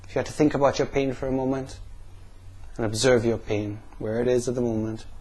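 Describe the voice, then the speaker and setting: A man leading listeners through a guided pain-visualization exercise, asking slow, calm questions with pauses. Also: mid-range voice, breathy edge. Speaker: NLP practitioner.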